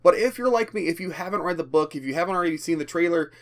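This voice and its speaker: A man's voice: a little high, rapid-fire. A man giving a rambling, profane spoken movie review, often stammering and restarting. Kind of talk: casual spoken film review.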